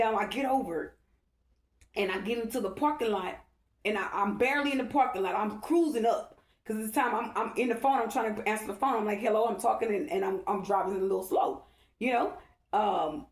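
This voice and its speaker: A woman, a spiritual reader, telling a rambling, emphatic story to her followers and often checking in with "okay?". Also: medium pitch. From Dallas-Fort Worth area, Texas. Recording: echoey room.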